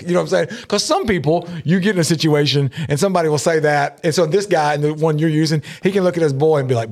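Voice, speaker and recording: Middle-aged man, fairly high voice, casual chat, animated, laughs a lot, acts out quotes. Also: quick pace, hardly any pauses. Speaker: podcast co-host.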